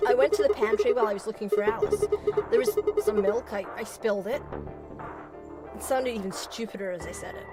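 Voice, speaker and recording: A woman's voice: medium pitch, lively intonation, brisk, loud music behind the voice. Chatty young woman playing a game. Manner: chatty, self-deprecating asides. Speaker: streamer. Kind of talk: let's play, reading game text aloud.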